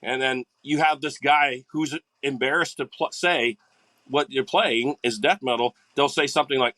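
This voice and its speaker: Older male podcast guest, bright and dry, rambling and animated. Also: mid-range voice, moderate pace, no echo. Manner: rambling, animated, acts out quoted people. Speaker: guest musician. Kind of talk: casual podcast chat.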